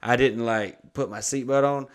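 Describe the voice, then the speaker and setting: A man's voice: mid-range voice, fairly even intonation, moderate pace, clean tone. A young adult man hosting a podcast, telling rambling, profane anecdotes in casual chat and acting out the dialogue. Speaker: podcast host.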